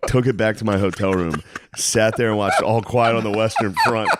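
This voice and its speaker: A man's voice: fairly low pitch, moderate pace, slight background noise. A man who co-hosts a podcast and does stand-up, telling a profane story in casual chat, laughing often and acting out the people in it. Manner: profane, laughing, acts out people in his stories. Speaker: podcast co-host and stand-up comedian.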